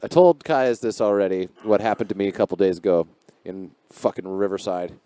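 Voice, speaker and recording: A man's voice: low voice, a little fast, warm tone, clear, resonant tone. A man co-hosting a podcast in a garage, telling stories in a rambling, profane, casual way. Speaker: podcast co-host.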